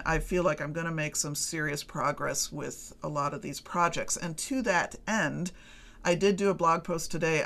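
A woman's voice: on the low side, a bit bright. Middle-aged woman, podcast host, casual solo chat, rambling, self-deprecating, easygoing.

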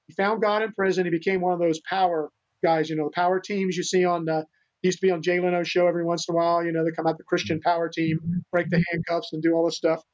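Speaking fast with a level tone and a highish voice, this older man from the US tells rescue stories as a podcast guest. He rambles earnestly, frequently starting sentences over, in a casual interview captured on dull, lo-fi remote audio.

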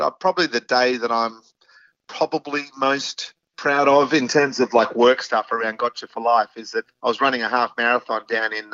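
A man's voice: mid-range voice, pushed and bright, no room sound. A middle-aged man with an Australian accent, speaking frankly as an interview guest, with many fillers and restarts. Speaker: guest, foundation founder. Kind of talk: candid interview talk. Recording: slightly dull lo-fi audio.

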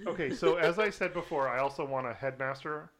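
A man's voice: on the high side, brisk, crowd noise. A man co-hosting a podcast, talking in a loose, rambling way with lots of fillers. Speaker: podcast co-host. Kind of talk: casual chat.

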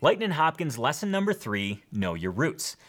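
Lively-voiced man teaching blues guitar. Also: fairly high pitch, moderate pace. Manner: relaxed, explanatory, counts beats aloud. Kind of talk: casual guitar lesson.

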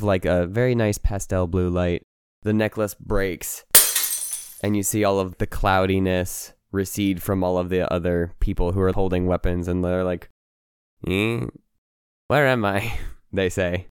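A man's voice: deep voice, little pitch movement, moderate pace, darkish tone, clean tone, no room sound, clean studio sound. A man narrating a tabletop game as game master, playful, with laughing asides.

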